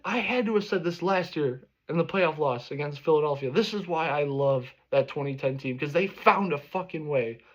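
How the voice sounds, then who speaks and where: Man in his 30s, furious profane fan rant, lo-fi sound. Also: on the high side. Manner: angry, profane ranting. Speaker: sports fan vlogger. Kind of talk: reaction rant. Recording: dull lo-fi recording.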